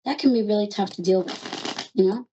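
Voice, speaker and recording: Chatty New York woman hosting a psychic call-in, mellow and a little muffled. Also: medium pitch, slight background noise. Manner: fast, chatty and affectionate, calls callers love. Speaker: psychic reader host.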